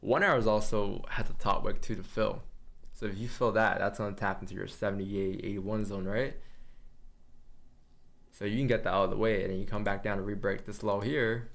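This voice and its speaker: A man's voice: on the low side, steady tone, fairly quick, creaky, a bit bright. A man hosting a day trading livestream, chatting loosely and answering his chat as he trades.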